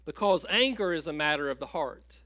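A male pastor preaching a sermon, telling a joke story and halting often with fillers and restarts. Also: a little high, lively intonation, sharp tone, dry recording.

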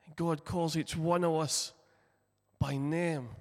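A man preaching a sermon at a slow, deliberate pace, his fairly high voice ringing out in a large, reverberant hall. He retells a story and acts out its voices, moving between loud, passionate lines and hushed ones. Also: steady tone.

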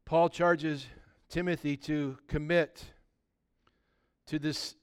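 A man preaching with a high voice that sounds smooth and resonant. He drives his points home with fervor, then sinks to a low, slow hush for weight, slipping now and then into the voices of the people he quotes. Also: fairly even intonation. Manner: impassioned preaching, swings from loud exhortation to hushed, drawn-out emphasis. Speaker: pastor. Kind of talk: sermon.

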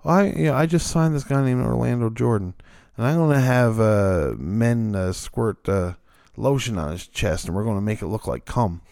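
A man putting on a brash, giddy woman promoter, pitching his voice up a little. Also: animated, normal speed, creaky, a little mellow, no echo.

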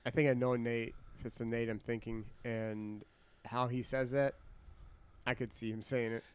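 A man's voice: mid-range voice, level tone, normal speed, darkish tone, smooth, dry recording. A man co-hosting a casual podcast, laid-back, giving short agreeing replies and crude jokes. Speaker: podcast co-host. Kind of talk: casual chat.

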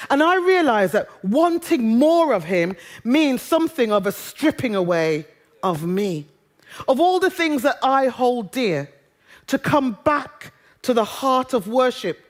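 A British woman preaching a sermon in a conversational, humorous way, drawing out quoted lines and song words. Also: a little high. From Britain.

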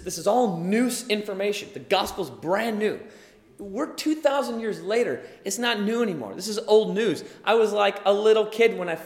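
A young man preaching a sermon, explaining earnestly and building to emphatic bursts, in a church hall. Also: on the high side. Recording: echoey hall with long reverb.

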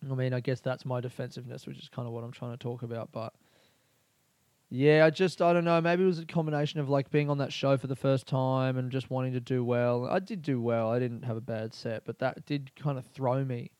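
A man's voice: medium pitch, level tone, a little fast, darkish tone, clear, resonant tone, dry recording. A young man, a comedian, talking through a candid, rambling personal monologue full of fillers and swearing. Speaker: comedian podcast host.

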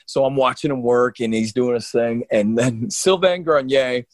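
A man, a pro wrestler co-hosting a podcast, tells stories in an animated, rambling way and keeps restarting his sentences. His voice sits at a middle pitch. The recording is close and dry. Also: normal speed, dry recording. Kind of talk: casual storytelling on a podcast.

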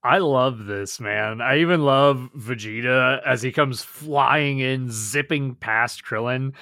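A man co-hosting a podcast, chatting casually about episodes, excitable and swearing freely. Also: mid-range voice, slow pace, dry recording, studio quality. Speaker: podcast co-host. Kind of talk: casual episode review chat.

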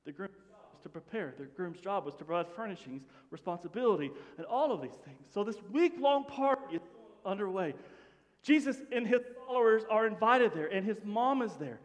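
High-voiced animated preacher in a reverberant hall. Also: male voice, fairly quick. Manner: animated, conversational preaching with sudden drops to a hush. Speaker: pastor. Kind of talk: sermon.

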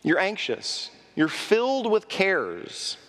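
A man preaching a sermon as pastor, animated, acting out quoted speech and asking the congregation direct questions. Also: high voice, slow. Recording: echoey hall reverb.

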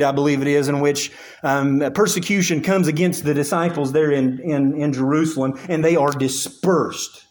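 A man's voice: a little high, steady tone, moderate pace, few pauses. Man preaching an earnest sermon. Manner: earnest, emphatic preaching with frequent restarts and fillers. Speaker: pastor.

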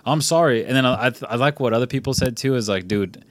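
A young adult man in a laid-back podcast chat. He rambles, swears freely and leans on filler words as he jumps between thoughts. His voice sits at an ordinary middle pitch. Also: quick pace, no room sound. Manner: loose, profane, rambling with lots of "like". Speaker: podcast host.

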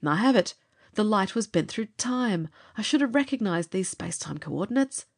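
A woman's voice: medium pitch, animated, normal speed, vocal fry. Brief: earnest, anguished young male scientist, read by a woman narrator for an audiobook. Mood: excited. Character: brilliant young male scientist, intense and driven. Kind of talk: audiobook character reading.

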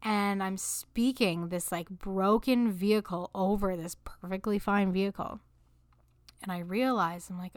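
A woman's voice: medium pitch, steady tone, moderate pace, no echo. A woman hosting a podcast, sharing an earnest, emotional faith reflection that rises into impassioned exhortation. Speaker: podcast host. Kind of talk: faith-based personal reflection.

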